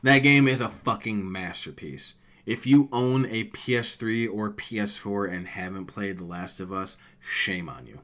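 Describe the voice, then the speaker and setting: A man's voice: fairly low pitch, unhurried, fairly bright tone. A man in his thirties co-hosting a casual gaming podcast, emotional and swearing often. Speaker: podcast co-host.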